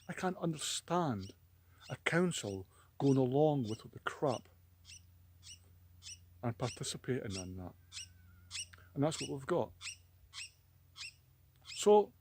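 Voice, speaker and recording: A man's voice: mid-range voice, creaky, dark tone, husky. A man with a Scottish accent talking casually to camera in a rambling, aggrieved way, often repeating words. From Scotland. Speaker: vlogger.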